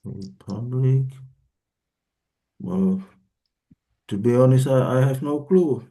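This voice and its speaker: A man's voice: mid-range voice, slow, dark tone. A man attending an online pronunciation class on a video call, hesitantly repeating words after the teacher. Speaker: student.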